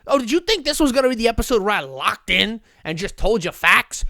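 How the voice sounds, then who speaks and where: A man hosting a podcast in a casual, rambling monologue, excitable, goofy and self-deprecating. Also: high-pitched, normal speed, gravelly, hardly any pauses, dry recording, studio quality. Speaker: podcast host.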